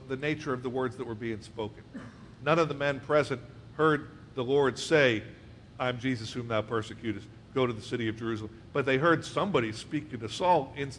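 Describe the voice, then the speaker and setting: A man's voice: a little high, a bit bright, slight background noise. A man preaching to a congregation, reading scripture aloud and explaining it conversationally, often asking his listeners questions. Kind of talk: verse-by-verse Bible teaching.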